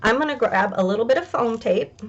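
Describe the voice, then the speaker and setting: A woman's voice: a little high, animated, fairly quick, dull audio, a little hiss or hum. A woman hosting a craft tutorial, chatting casually as she talks through each step.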